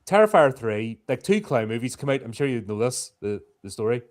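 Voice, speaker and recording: A man's voice: medium pitch, sing-song, a little fast. A man co-hosting a horror podcast, giving blunt, opinionated takes in casual chat. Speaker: podcast co-host.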